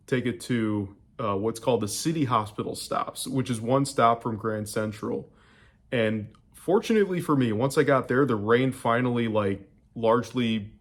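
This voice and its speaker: A young man from the United States giving a casual, rambling travel recap to camera, full of fillers and restarts. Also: lowish voice. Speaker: travel vlogger.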